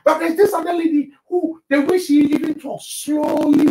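Male pastor-host, very high voice, emphatic teaching style, roomy distant sound. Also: steady tone, moderate pace, warm tone. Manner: emphatic, preachy, addresses listeners directly. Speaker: pastor and marriage show host. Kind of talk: live broadcast marriage teaching.

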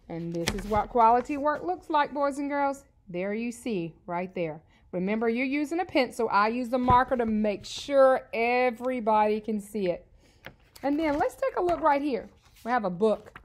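Upbeat woman teaching young kids to read. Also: on the high side. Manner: slow, clear spelling out of letters; encouraging, upbeat teacher talk. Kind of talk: early reading lesson for children.

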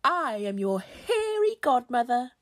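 Storybook spider godmother, enormous, hairy, grand and loud, acted by a woman. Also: on the high side, very animated, measured pace, voice pushed up.

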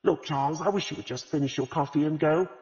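A man's voice: fairly high pitch, fast talker, a little mellow, pitched above the performer's own voice, natural voice. A man reading the lines of a brash, prickly middle-aged woman sleuth in an audiobook, talking sharply and indignantly. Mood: angry. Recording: reverberant, slightly dull audiobook recording.

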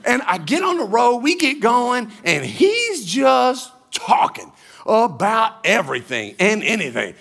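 A male pastor giving a sermon, telling a story with lively acted-out scenes. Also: very high voice, measured pace, vocal fry. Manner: animated storytelling, acts out scenes.

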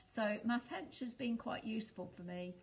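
A woman's voice: fairly high pitch, normal speed, slight background noise, low-quality recording. A woman from the UK talking casually in a vlog, chatty and hesitant with frequent ums. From United Kingdom. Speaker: vlogger.

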